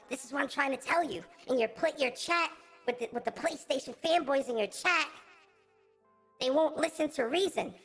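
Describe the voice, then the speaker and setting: A man's voice: very high-pitched, bright, forceful tone, voice pushed up. A man voicing a pompous, preachy male politician who is easily angered.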